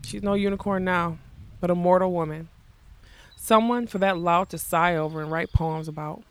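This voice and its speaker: A woman's voice: on the low side, fairly even intonation, smooth, close to an everyday voice. A woman reading as a weary despairing magician. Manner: slow, quiet, tired. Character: weary middle-aged male magician, despairing.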